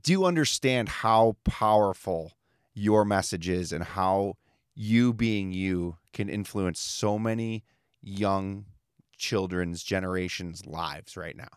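A man's voice: fairly low pitch, clean tone, no room sound, studio quality. A man hosting an interview, asking thoughtful questions while searching for his words. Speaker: podcast host.

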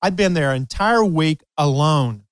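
Laughing storyteller man, smooth voice. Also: a little high, lively intonation, normal speed, no room sound. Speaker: host, tennis coach. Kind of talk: storytelling in casual chat.

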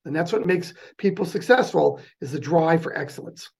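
A fast-talking man with a clear New Jersey accent, speaking as an interview guest. His voice is gravelly and slightly husky, and he runs his sentences together with lively energy. He sounds like he is on a remote interview mic. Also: on the high side. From North New Jersey. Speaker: guest, charity president. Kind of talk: casual interview.

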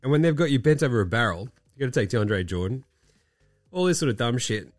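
Sweary sick podcast host. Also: male voice, medium pitch, sing-song, fast, dry recording, clean studio sound, faint music behind. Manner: sweary, ranting, sarcastic. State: sick, coughing. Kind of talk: casual sports chat.

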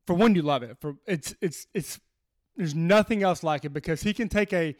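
A baseball pitcher in his thirties from Texas tells stories as a guest in a casual interview. He speaks at a moderate pace, animated and swearing freely.

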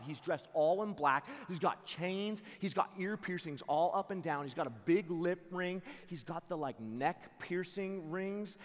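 A young man preaching to a camp crowd, telling a story in an excitable, animated way and laughing along. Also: on the high side. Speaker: camp speaker. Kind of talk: storytelling sermon to a youth camp. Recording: long hall reverb.

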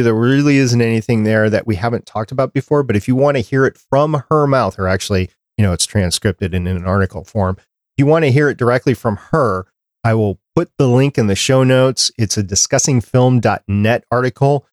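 A man's voice: mid-range voice, no echo, clean studio sound. A man hosting a podcast, chatting casually and reading listener feedback aloud. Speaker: podcast host.

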